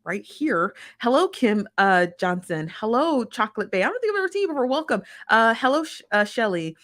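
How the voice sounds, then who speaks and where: A woman's voice: a little high, brisk. Chatty, blunt woman hosting a livestream. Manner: animated and chatty, greets viewers one by one; frank and blunt, uses slang. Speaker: livestream host. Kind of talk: casual livestream chat.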